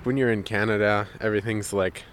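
Deep-voiced man telling a story emphatically. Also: fairly even intonation, brisk, a bit bright, slight background noise. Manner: emphatic, repeats words for effect. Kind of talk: personal anecdote for a radio show.

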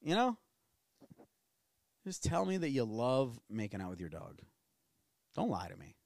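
A man's voice: medium pitch, sing-song, a little slow, gravelly, darkish tone, no room sound, studio quality. A man from the New area, hosting a casual solo podcast and rambling candidly with plenty of profanity. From New Orleans area. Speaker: podcast host.

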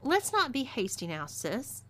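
A woman with a Texas twang plays a sly, commanding frontier woman who taunts her captive. The delivery is teasing and bright, with lively swings in pitch, in a storybook western. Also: unhurried, heavily acted. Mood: taunting.

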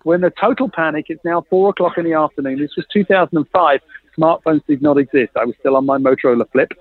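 A man's voice: on the high side, fast, husky, no echo. A man telling a long story in a chat, acting out the dialogue he quotes. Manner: lively, acts out quoted dialogue, laughs often. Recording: tinny phone-like line, dry.

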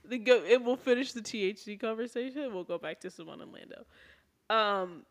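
A woman chatting casually as a podcast co-host, recapping a TV episode, animated, laughing often and acting out quotes. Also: a little high, fairly quick.

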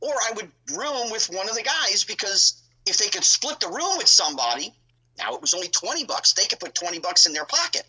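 A middle-aged man telling stories as a podcast guest, animated and acting out other people's lines in his own telling. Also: sits high, a little fast, husky, low-quality recording. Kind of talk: casual storytelling.

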